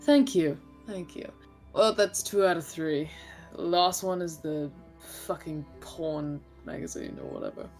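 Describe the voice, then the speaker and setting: A woman's voice: sits low, sing-song, measured pace, gravelly, a little mellow, soft background music. An Australian woman playing a tabletop game, drawling and unsure, who swears casually. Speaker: player.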